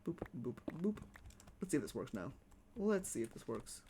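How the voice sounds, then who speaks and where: Excitable streamer with a lively, bouncing pitch. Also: moderate pace, a little hiss or hum. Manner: excitable, repeats phrases, coos over pets. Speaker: live streamer. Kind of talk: casual live gameplay chat.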